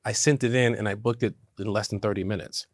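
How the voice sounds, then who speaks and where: A man, an actor, chatting in an interview and telling animated stories, laughing often. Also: on the low side, quick pace. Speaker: actor guest. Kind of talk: casual interview chat.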